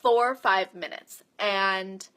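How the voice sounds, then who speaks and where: A woman's voice: medium pitch, slow pace, smooth. A young woman, a personal trainer, casually telling a story to her viewers and acting out the dialogue. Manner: chatty, animated retelling with quoted dialogue.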